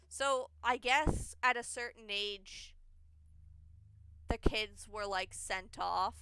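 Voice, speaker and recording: A woman's voice: medium pitch, slow, pushed and bright, smooth, dry recording. A young woman streaming a video game, chatting in a rambling way with fillers. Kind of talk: casual chat while playing a video game.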